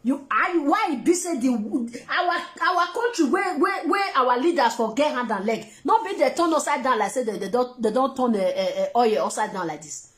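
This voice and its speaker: A woman's voice: sits high, lively intonation, normal speed, echoey room. A Nigerian woman giving passionate commentary, pressing her point with emphatic rhetorical questions.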